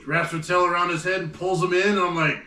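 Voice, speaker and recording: A man's voice: high voice, quick pace. A man co-hosting a casual movie review podcast, telling scenes with lots of swearing and asking the others questions. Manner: profane, animated storyteller, asks questions. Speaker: podcast co-host. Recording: echoey room, mic at a distance.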